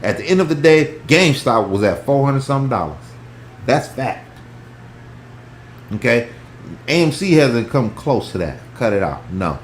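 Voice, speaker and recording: A man hosting a heated casual stock chat, profane and worked up, swinging between loud outbursts and hushed asides. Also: mid-range voice, very animated, normal speed, pauses often, slight background noise. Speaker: stock talk show host. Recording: echoey room.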